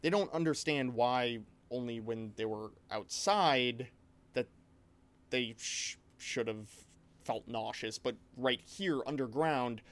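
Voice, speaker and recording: Speaking slowly in a medium-pitched voice, a man chats casually as a game master about a spooky session. His storytelling is rambling and animated, full of restarts.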